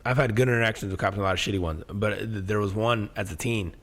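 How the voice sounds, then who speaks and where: A middle-aged man co-hosting a podcast, telling a long story in casual chat, animated and profane, full of fillers and restarts. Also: fairly low pitch, fast talker. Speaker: podcast co-host.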